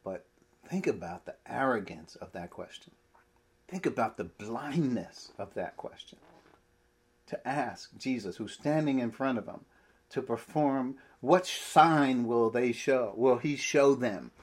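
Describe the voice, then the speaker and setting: A man preaching a sermon, animated and full of rhetorical questions. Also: mid-range voice, a little slow, husky. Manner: animated, rhetorical questions, laughs mid-phrase.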